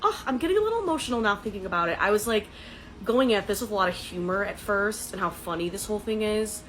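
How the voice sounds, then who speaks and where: A woman's voice: mid-range voice, animated, fast talker, a bit bright, slight background noise, poor audio. Sarcastic woman recounting a bad date. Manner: dramatic, sarcastic retelling. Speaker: dating content creator. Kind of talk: casual storytelling to camera.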